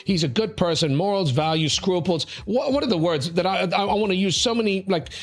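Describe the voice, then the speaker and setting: A man's voice: high-pitched, animated, a little fast. A man hosting an opinionated panel talk show, speaking emphatically, often repeating words, and calling people mate or sweetie. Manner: repeats words when building a point.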